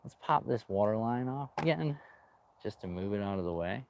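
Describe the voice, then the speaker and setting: Man, low voice, casual rambling vlog, outdoors, working on a boat, jokey. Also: expressive, moderate pace, gravelly, darkish tone, a little hiss or hum. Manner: chatty, rambling, says dude a lot. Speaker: boat restoration vlogger.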